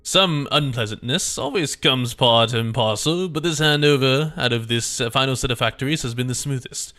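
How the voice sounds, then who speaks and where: A man's voice: medium pitch, normal speed, sharp tone, soft background music. Man playing a pompous fake-French villain overseer. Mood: smooth, menacing. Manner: pompous, put-on French accent. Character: suave villainous male factory overseer.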